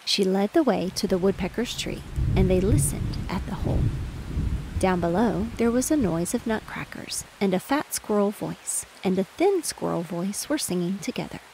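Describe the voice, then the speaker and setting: Lady reading a bedtime story, soft n steady, gravelly fry, rain in the back. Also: mid-range voice, moderate pace, noisy background. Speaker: audiobook narrator. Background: rain and distant thunder.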